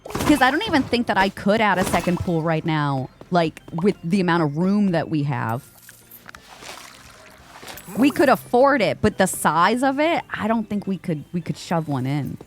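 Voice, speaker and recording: A woman's voice: on the low side, sing-song, normal speed, soft background music. A young woman streaming a game live, chatting away to the game's characters and greeting her viewers. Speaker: Twitch streamer. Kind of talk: live gameplay chat.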